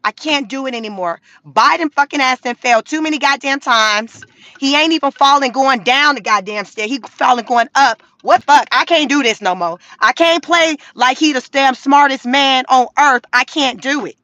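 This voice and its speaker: A woman's voice: high-pitched, moderate pace, bright, forceful tone, dry recording. A woman vlogger delivering a blunt, profane, mocking commentary rant from inside a car.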